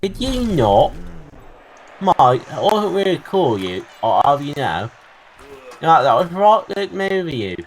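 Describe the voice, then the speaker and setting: A man's voice: big pitch swings, slow pace, a little hiss or hum, heavily acted, rough recording. A man putting on a cheeky Cockney bloke. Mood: mock indignant. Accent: Cockney, put on. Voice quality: exaggerated put-on accent, raised pitch. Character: mock-annoyed Cockney bloke scolding a rival.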